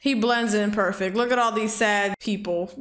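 A woman hosting a casual movie reaction, laughing often and bursting into loud excited outbursts. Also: medium pitch, moderate pace, echoey room, soft background music.

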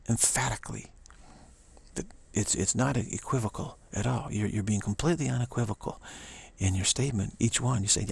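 Raspy, gravelly-voiced man teaching. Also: on the low side. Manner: emphatic, repetitive, chuckles often. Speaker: spiritual teacher. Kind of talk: informal spiritual talk. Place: his own video studio.

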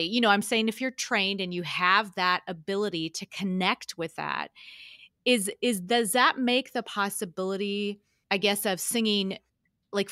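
A woman, a lyric mezzo-soprano who hosts the interview, asking long questions while thinking out loud. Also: medium pitch, no echo, studio quality. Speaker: host, interviewer.

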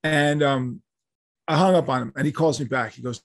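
A man's voice: mid-range voice, normal speed, no room sound. An older man, a guest on an interview show, telling a story animatedly and acting out the dialogue. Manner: animated, acts out quoted dialogue.

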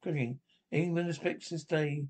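A man's voice: on the high side, fairly even intonation, normal speed, darkish tone, husky. A man reading the part of an indignant, boastful ship's cook in a comedy script reading. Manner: huffy, boastful.

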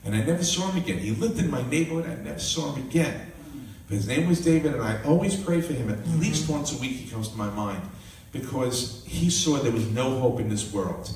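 A male minister preaching a live sermon and telling a personal story with lively, animated delivery. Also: mid-range voice, fairly quick, hardly any pauses. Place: live church gathering. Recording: echoey room, mic at a distance, faint noise.

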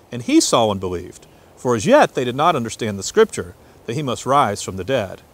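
A pastor with a mid-range voice preaches, reading scripture aloud and telling stories expressively. His delivery swings between loud and hushed.

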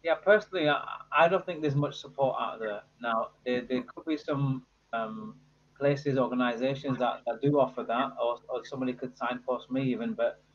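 A man's voice: medium pitch, moderate pace. Earnest male counsellor, muffled call audio. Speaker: guest, counsellor. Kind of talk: panel discussion.

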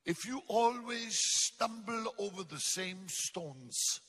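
Husky high-voiced man preaching fervently. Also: expressive, slow, big-room sound. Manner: fervent, exhorting, shouting out lines. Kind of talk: sermon. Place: large church hall.

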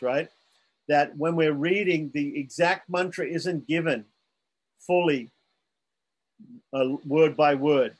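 A man teaching scripture, reading passages aloud and breaking them down patiently. His voice sits slightly higher than most men's. He keeps checking that his listeners are following along.

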